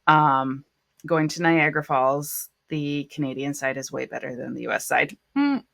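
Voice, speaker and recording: Low, gravelly woman from Michigan. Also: little pitch movement, normal speed, a bit bright, dry recording, studio quality. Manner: playful, wry asides. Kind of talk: casual podcast chat.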